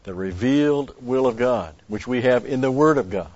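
A man's voice: mid-range voice, expressive, moderate pace, a little mellow, no room sound. A man giving a rambling Bible teaching, stressing key words and restarting his sentences. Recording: dull lo-fi recording.

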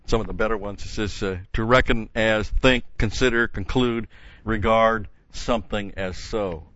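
A man's voice: fairly low pitch, steady tone, normal speed, a bit bright, no room sound, highs cut off. A man teaching a Bible study in an earnest, emphatic way, stopping often with "uh" and restarting phrases.

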